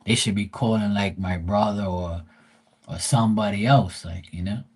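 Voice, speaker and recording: A man's voice: fairly low pitch, fairly even intonation, moderate pace, husky. A man hosting a livestream, telling rambling family stories in a blunt, teasing way and swearing freely. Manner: rambling with many fillers and asides. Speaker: tarot reader and livestream host. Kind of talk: casual storytelling.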